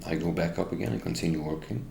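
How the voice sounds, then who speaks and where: Indignant low gravelly man. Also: quick pace, warm tone, a little hiss or hum. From Norway. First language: Norwegian. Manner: indignant, bitter, addresses the police directly. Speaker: interviewee. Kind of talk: first-person account. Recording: roomy echo with faint ambience.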